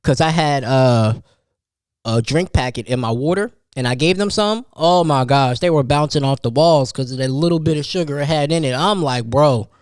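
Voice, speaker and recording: A man's voice: a little high, moderate pace, clean tone, no echo. Man in his thirties, rambling, dry sound. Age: 30s. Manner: rambling animated storytelling with restarts. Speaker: podcast host. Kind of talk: casual solo podcast monologue.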